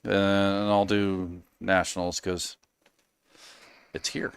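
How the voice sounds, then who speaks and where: A man's voice: deep voice, level tone, slow pace, vocal fry, slight background noise. A man from the United States talking as a podcast guest in a casual, rambling way with frequent ums and trailing asides. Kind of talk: casual interview talk.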